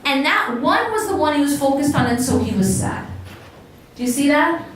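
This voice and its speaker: A woman with a fairly high voice gives a religious lecture, speaking conversationally and turning to the audience with questions. Her voice rings through a very echoey hall and is captured from some distance away, with faint noise underneath. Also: very animated, normal speed.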